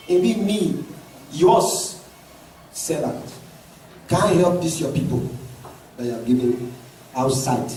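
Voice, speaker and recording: Man, pastor, sermon, emphatic questions and shouts, from far off, booming reverberant hall. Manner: emphatic preaching with repeated rhetorical questions, rising to shouts. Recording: very echoey hall, from far off, faint noise.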